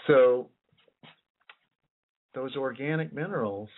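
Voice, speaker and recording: The recording is tinny and lo-fi, carrying a man's slow, medium-pitched voice. Presenting as an independent researcher, he rambles and muses aloud, often going back to repeat or restart what he's saying.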